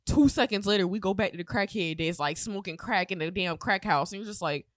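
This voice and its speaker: A woman's voice: mid-range voice, fairly quick, no echo, clean studio sound. A woman in her twenties co-hosting a podcast, talking casually with dramatic, profane retellings. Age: 20s. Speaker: podcast co-host. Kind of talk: casual chat.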